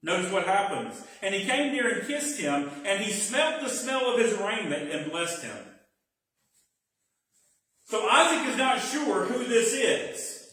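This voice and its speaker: Echoey preaching man, high and bright. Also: very animated, unhurried. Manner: dramatic, explanatory. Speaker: pastor. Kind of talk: sermon, Bible study. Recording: very echoey hall from far off.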